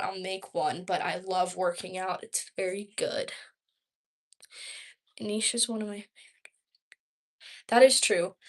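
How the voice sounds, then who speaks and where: A young woman from Georgia in the United States, rambling casually at home on a livestream, answering viewer questions with lots of "like". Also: medium pitch. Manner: rambling and chatty, heavy use of "like". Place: her home.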